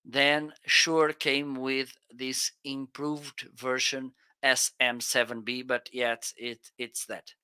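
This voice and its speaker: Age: adult. Sex: man. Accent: Portuguese. Style: unhurried, bright, smooth live product review. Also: mid-range voice, little pitch movement, dry recording. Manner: enthusiastic, frequent "okay?" check-ins. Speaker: livestream co-host. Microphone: close studio dynamic mic.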